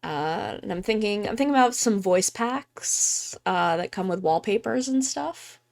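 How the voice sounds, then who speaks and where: A woman streamer chatting casually while giving tarot readings, joking about herself and swearing freely, speaking softly and close to the mic. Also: mid-range voice, lively intonation, unhurried, gravelly. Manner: soft, quiet near-ASMR voice close to the mic. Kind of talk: casual live-stream chat. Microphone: close microphone.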